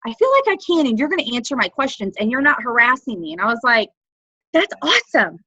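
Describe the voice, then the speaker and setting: Lively, bright-voiced chatty woman. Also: fast, slightly rough, dry recording, low-quality recording. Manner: bubbly, animated, quotes people in high voices. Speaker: network marketing team member. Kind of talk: casual team training call.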